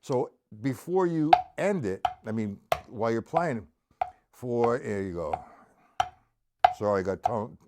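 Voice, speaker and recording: A man's voice: mid-range voice, expressive, slow, heavy background noise. A middle-aged man teaching a live-streamed drum lesson, patiently explaining and counting aloud as he plays.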